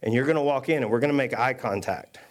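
Man preaching in a relaxed chatty way. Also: mid-range voice. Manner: casual storytelling with self-deprecating humor; reads scripture aloud at a quick clip. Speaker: pastor. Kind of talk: conversational sermon.

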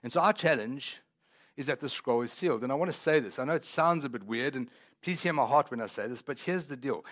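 A man's voice: medium pitch, lively intonation, fairly quick, a bit bright. A man pastor preaching a sermon in a church, talking conversationally and rising into emphatic swells.

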